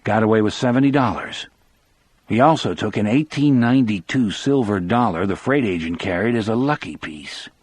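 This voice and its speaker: A man narrating an audiobook in a measured, sober first-person telling. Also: lowish voice, darkish tone, slightly rough. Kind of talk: scripted narration.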